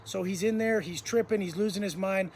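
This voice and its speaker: A man with a notably high voice tells his story in a blunt, intense monologue, swearing freely as he drives his points home. He speaks as a motivational speaker, and a faint hiss sits behind him. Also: fairly quick.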